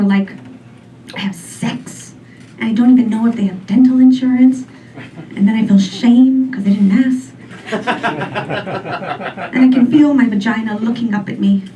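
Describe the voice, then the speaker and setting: A woman in her forties doing a stand-up comedy set, rambling and deadpan, full of "um" and "like". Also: fairly high pitch, normal speed, pauses often, lo-fi sound. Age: 40s. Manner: rambling, filler-heavy, deadpan. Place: comedy club stage. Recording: distant mic with faint room noise.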